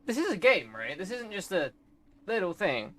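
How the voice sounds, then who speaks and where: A man's voice: high voice, big pitch swings, normal speed, fairly bright tone. A young man streaming a game, reacting emotionally with gasps, laughter and sudden outbursts. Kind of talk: live gameplay reaction.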